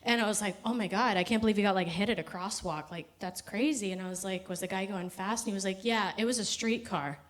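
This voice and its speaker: A woman's voice: medium pitch, fast, few pauses. A young woman doing stand-up into a stage mic, chatty and freely profane. She rants in a loose, run-on way and keeps breaking into laughter at her own lines. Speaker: stand-up comedian. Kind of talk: stand-up set. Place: comedy festival stage.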